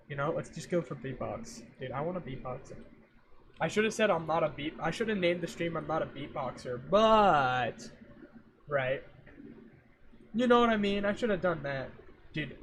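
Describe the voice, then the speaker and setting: A young man livestreams while setting up his audio, rambling and joking with his chat and muttering to himself. His voice is a little high and fairly bright, with lively intonation at normal speed. A fan runs faintly behind his home mic.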